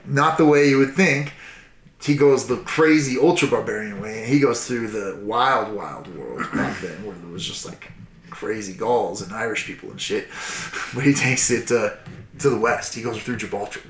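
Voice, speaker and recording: A man tells history in a loose, swearing, animated way, jumping into quick acted-out lines. His voice sits at an ordinary middle pitch. The recording carries a noticeable roomy echo. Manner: profane, animated, acts out shouts and quotes. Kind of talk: casual history storytelling.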